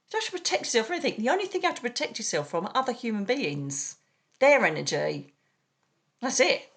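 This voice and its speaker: A middle-aged British woman, a psychic medium, talking in an animated, chatty way as an interview guest and calling people darling. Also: a little high, quick pace. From United Kingdom. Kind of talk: casual interview chat.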